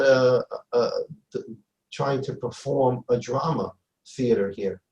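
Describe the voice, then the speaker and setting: A man's voice: mid-range voice, warm tone, roomy sound, low-quality recording. A man giving a Torah class as a rabbi, emphatic, repeating phrases and acting out dialogue. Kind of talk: Torah lecture.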